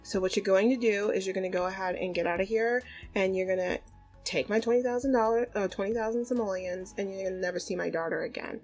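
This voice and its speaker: A woman's voice: mid-range voice, fast, a little mellow, faint music behind, natural voice, rough recording. A woman voicing a protective, scheming mother who issues blunt threats in a life-sim story. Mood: stern. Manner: threatening, bossy.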